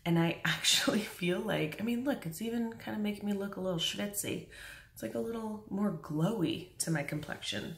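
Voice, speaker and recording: A young woman chatting casually through an early-morning makeup tutorial at home, speaking softly at times. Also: mid-range voice, normal speed, vocal fry. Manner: chatty, self-deprecating, talks quietly at times. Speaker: makeup vlogger. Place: home bathroom or bedroom at a mirror. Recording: echoey room, voice from a distance.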